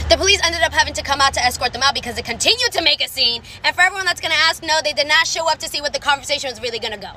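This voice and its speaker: A woman's voice: high voice, rapid-fire, hardly any pauses, pushed and bright, a little hiss or hum. A young woman in her twenties telling a storytime to her phone in a brash, sassy way, swearing often and acting out both sides of the story. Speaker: TikTok storyteller. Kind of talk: casual storytime monologue.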